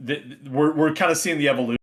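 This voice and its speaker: A man hosting a podcast, explaining in halting speech with many repeated words and restarts. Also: fairly high pitch. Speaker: podcast host. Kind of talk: casual chat.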